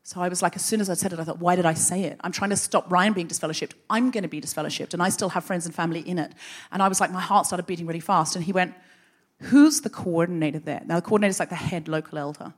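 A woman host telling a comic story live on stage into a microphone, brisk and wry, with dry asides. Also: fairly low pitch, steady tone, slightly rough. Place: live stage before an audience.

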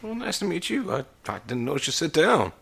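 A man's voice: fairly high pitch, very animated, brisk, vocal fry, fairly bright tone, husky. A man playing a tabletop role-playing game, speaking in character in a casual, folksy way with frequent restarts. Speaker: player.

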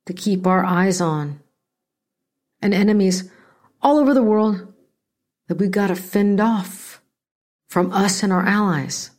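A woman's voice: mid-range voice, darkish tone. Blunt, profane middle-aged woman podcaster. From California. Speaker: podcast host. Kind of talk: casual political commentary.

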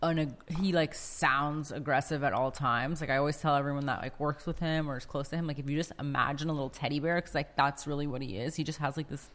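A woman's voice: low-pitched, steady tone, quick pace, few pauses, a bit bright. A woman co-hosting a podcast in casual chat, outspoken and firm with some casual swearing. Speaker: podcast co-host, hairstylist.

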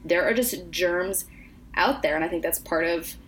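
Earnest young woman with a lower voice. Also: normal speed, fairly bright tone, a little hiss or hum. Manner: earnest, talkative, many fillers. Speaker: podcast co-host. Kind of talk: casual chat.

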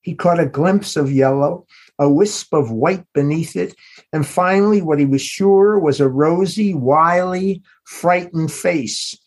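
A man, the author, reading aloud from his novel in a measured, unhurried storytelling manner. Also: on the high side, a little mellow. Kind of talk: literary reading.

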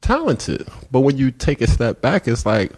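Out on a city street, a man with a Philly accent who founded a community organization chats in a relaxed interview. His medium-pitched voice moves at a moderate pace as he tells animated stories and acts out quoted dialogue.

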